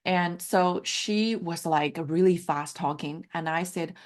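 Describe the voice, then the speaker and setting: Slow and low-pitched, this woman leads a live online coaching session over video call in English, her second language after Mandarin. As a life coach, she sounds heartfelt and encouraging, often using fillers.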